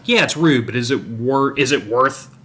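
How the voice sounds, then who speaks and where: A man's voice: medium pitch, moderate pace, a bit bright. A man hosting a podcast with his wife, ranting in a sarcastic, opinionated way in casual chat. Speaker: podcast host.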